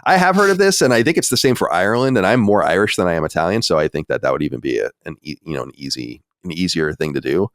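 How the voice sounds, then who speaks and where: Emphatic low-voiced American man, podcast host. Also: big pitch swings, fast talker, few pauses, a bit bright, dry recording, clean studio sound. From United States. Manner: rambling, emphatic, swears casually. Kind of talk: casual podcast chat.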